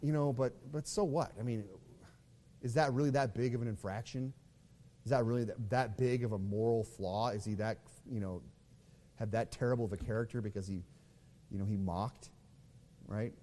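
A man's voice: medium pitch, normal speed, long pauses, dark tone, big-room sound, slight background noise. A man teaching a Bible study in a loose, conversational way, repeating words and reading scripture aloud.

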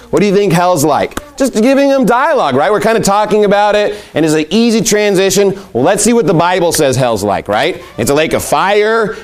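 A man teaching how to share the gospel in a conversational way, asking rhetorical questions and acting out both sides of an exchange. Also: a little high. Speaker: evangelism teacher. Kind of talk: instructional talk on sharing the gospel.

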